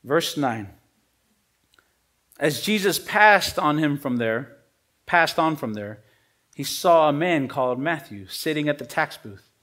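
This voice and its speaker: A man preaching with a slightly higher-than-usual voice. His delivery is relaxed and conversational, with loose everyday slang. He punches key points louder and higher, then drops soft and low. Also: slow, pauses often. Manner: swings between emphatic rises and quiet drops. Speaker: pastor. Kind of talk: sermon.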